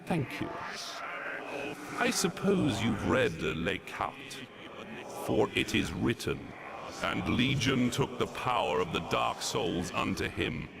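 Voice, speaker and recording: A gravelly, gloating villain. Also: male voice, mid-range voice, big pitch swings, slow pace, full character voice. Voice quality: gravelly, theatrical and mocking. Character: gloating ancient male villain Legion, sneering, grandiose. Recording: game audio with loud background noise.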